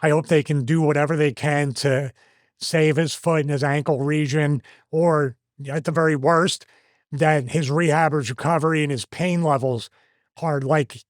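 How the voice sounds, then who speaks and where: Man in his fifties, host, lively storytelling, high-ish voice, dry close sound. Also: a little slow, no room sound. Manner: animated, acts out quoted lines. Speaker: host, former wrestler. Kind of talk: casual storytelling.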